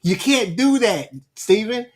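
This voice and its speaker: A man's voice: sits high, animated, a little slow, pitched above the performer's own voice. A man doing a mocking impression of a friend, with a preachy drawl that calls the listener brother.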